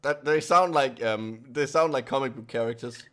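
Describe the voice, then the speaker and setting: A man co-hosting a podcast, joking around in casual chat and halting to restart his sentences. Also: medium pitch, fairly bright tone. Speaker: podcast co-host.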